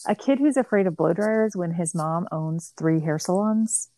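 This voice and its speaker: A woman's voice: on the low side, lively intonation, normal speed, mellow, dry recording. A middle-aged woman, a mother and podcast guest, telling family stories in casual conversation, chatty and full of "like" fillers. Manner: chatty, storytelling with many "like" fillers.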